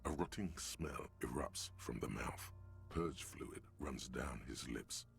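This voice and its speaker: A grim narrator of a video game, telling grisly scenes in grave, vivid detail. His voice sits extremely low with a gravelly edge. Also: slow pace, full character voice. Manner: grave, vivid descriptive delivery. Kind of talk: scripted narration.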